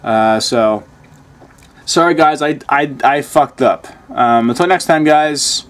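A man's voice: mid-range voice, slow, fairly bright tone. A man casually commenting on a video game he plays, reading screen text aloud, muttering and swearing often. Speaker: gaming channel host.

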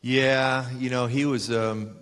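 A man's voice: mid-range voice, slow pace, clear, resonant tone. Older guy spinning wrestling road stories on a panel, mid voice, reverby hall. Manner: animated anecdotes, acts out dialogue, laughs often. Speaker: guest, former wrestler. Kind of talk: storytelling at a live fan Q&A.

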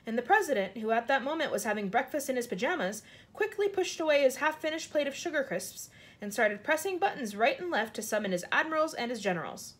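Woman, storybook reader, husky, fairly high, lively. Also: fast talker, few pauses. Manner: lively, lifts her pitch high for character lines. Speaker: reader of a children's book. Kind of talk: reading a storybook aloud.

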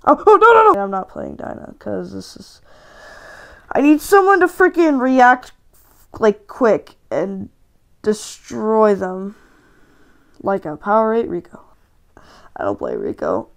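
A woman hosting a gaming channel and giving live, excitable commentary while she plays, often ranting and shouting in frustration. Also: medium pitch, a little slow, gravelly, pauses often.

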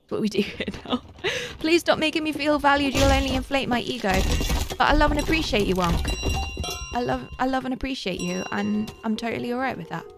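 A woman's voice: sits high, fairly quick, creaky, over music. A young woman giving chatty, giggly live commentary as she plays a game and thanks her viewers. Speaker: live streamer.

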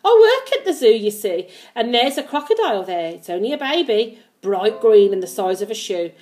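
Woman voicing a squeaky little zookeeper man, timid but eager, pitched up, storybook reading. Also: sing-song, moderate pace, a little mellow. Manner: eager, hesitant then sure.

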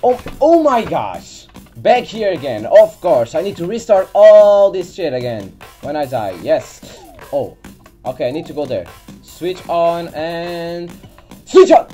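Woman gamer losing it at her character, slow drawl, low warm voice, swings up and down a lot, faint game music behind. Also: very animated. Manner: exasperated, scolds the game character, swears often. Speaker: gaming channel host. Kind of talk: let's play commentary. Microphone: desk mic near keyboard.

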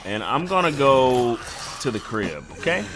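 A man playing a video game at home, commenting excitedly and shouting at the characters. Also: mid-range voice, a little slow, noisy background. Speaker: gaming YouTuber. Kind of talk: let's play commentary. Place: home room.

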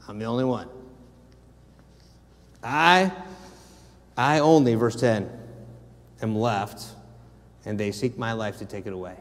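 A man's voice: mid-range voice, unhurried, long pauses. A man with an American accent preaching a sermon as a missionary, telling stories animatedly and acting out the quotes himself. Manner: animated storytelling, acts out quotes. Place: church sanctuary. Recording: long church reverb.

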